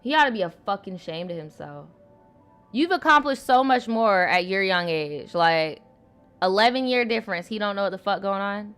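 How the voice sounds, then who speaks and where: A woman's voice: medium pitch, animated, normal speed, fairly bright tone, clear, resonant tone, soft background music. A woman in her twenties reading viewer stories aloud and reacting to them in a blunt, profane, slangy way. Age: 20s. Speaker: host.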